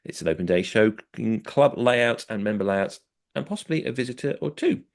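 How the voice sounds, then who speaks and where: A British man co-hosting a podcast, reading event listings in a relaxed, chatty way with lots of fillers and self-deprecating laughs. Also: mid-range voice, normal speed. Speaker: podcast co-host.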